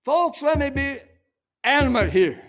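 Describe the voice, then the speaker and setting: A middle-aged senior pastor preaching an emphatic sermon, building to exclamations and punctuating points with "Amen.". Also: male voice, very high-pitched, animated, measured pace, a bit bright.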